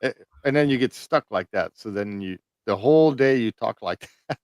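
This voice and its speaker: A lower-voiced man with a gravelly edge co-hosting a relaxed live-stream chat. His pitch moves around a good deal as he laughs and stumbles through his thoughts, and the sound is dry and close. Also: no echo. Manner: laughs often, talks in halting restarts. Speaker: co-host.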